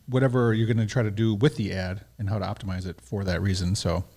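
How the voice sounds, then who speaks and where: Low-voiced man in casual chat. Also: fairly even intonation, fast, mellow. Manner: brief, agreeable back-and-forth. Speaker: podcast co-host.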